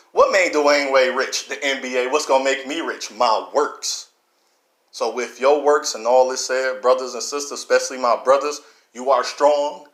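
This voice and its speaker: Preachy man ranting in an echoey room. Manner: preachy, repetitive, swings between loud and low. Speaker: vlogger. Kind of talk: impassioned monologue to camera. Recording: roomy echo.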